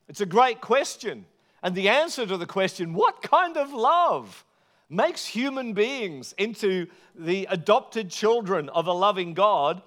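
A man's voice: high-pitched, a bit bright. A man preaching a sermon to a church gathering, earnest and emphatic, stretching out the words he stresses. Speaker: pastor.

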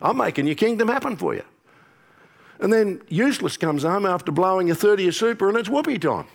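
A man voicing an indignant, resentful older brother, complaining loudly in a raised voice. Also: sits high, sing-song, fast, vocal fry, voice pushed up, exaggerated voice.

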